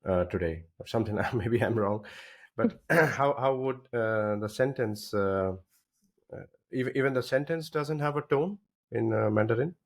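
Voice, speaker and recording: A man's voice: medium pitch, measured pace. A man hosting a podcast interview, asking curious questions hesitantly with many fillers. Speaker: podcast host. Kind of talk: interview conversation.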